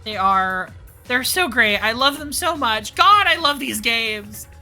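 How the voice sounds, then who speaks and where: A woman's voice: on the high side, animated, a little slow, bright, forceful tone. Gushing young woman streamer. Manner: gushing, emotional, fangirling. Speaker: game streamer. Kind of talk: let's-play commentary. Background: faint lo-fi background music.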